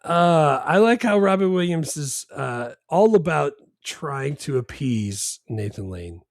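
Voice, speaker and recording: A man's voice: on the high side, lively intonation, slow pace, no room sound, studio quality. A man co-hosting a podcast, chatting casually about a film in a rambling, laid-back way with lots of fillers and restarts. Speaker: podcast co-host. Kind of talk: casual movie chat.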